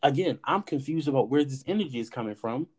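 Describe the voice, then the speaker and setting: A man hosting a podcast, telling a personal story in casual chat with animated delivery, acting out quoted dialogue and swearing now and then. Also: medium pitch, quick pace, slightly rough. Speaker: podcast host.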